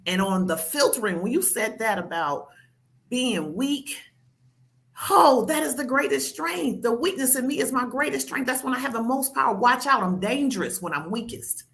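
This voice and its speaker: Animated, emphatic woman in church panel talk. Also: on the high side, normal speed, creaky.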